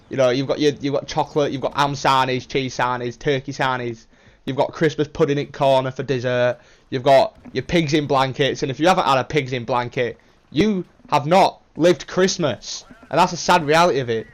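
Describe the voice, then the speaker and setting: A young man with a British accent rambling casually through a vlog, repeating himself and swearing now and then. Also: on the high side. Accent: British English. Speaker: vlogger.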